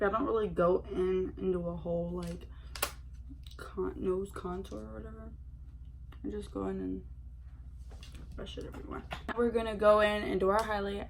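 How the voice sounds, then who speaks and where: A young woman chatting excitedly as a beauty vlogger while doing her makeup, full of slang and filler words. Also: medium pitch, vocal fry, a little hiss or hum.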